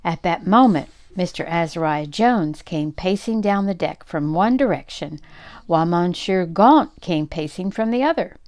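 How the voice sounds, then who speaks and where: An older woman reading a children's novel aloud in an unhurried, gently expressive way. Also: lowish voice. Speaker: read-aloud storyteller.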